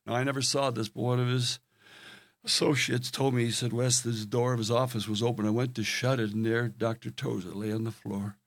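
An older man delivers a sermon in a mid-range voice, earnest and storytelling. He swings from loud, emphatic lines to near-whispered devotion. The sound is dry and close. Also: medium pitch, fairly even intonation, brisk, no echo. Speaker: preacher.

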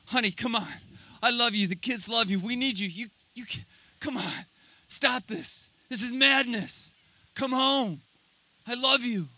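Man playing a heartbroken ancient husband, earnest, pleading, high and sharp voice, storytelling in a sermon. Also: measured pace, dry recording, exaggerated voice.

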